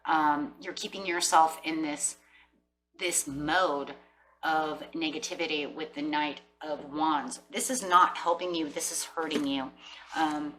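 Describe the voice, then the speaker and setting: A woman with a low, forceful voice gives a casual, motivational tarot reading and speaks right to her listeners. She sounds earnest and encouraging. Her voice comes from a bit away from the mic, with a faint hum underneath. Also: fairly even intonation, measured pace, recorded from a distance, faint music behind, poor audio. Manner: earnest, encouraging, talks straight to viewers. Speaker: tarot reader.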